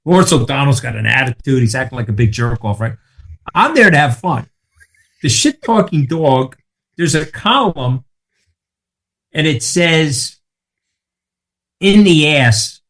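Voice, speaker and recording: A man guesting on a podcast, telling rapid, profane stories full of asides and checking in with the listener. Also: mid-range voice, lively intonation, fairly bright tone. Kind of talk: casual chat.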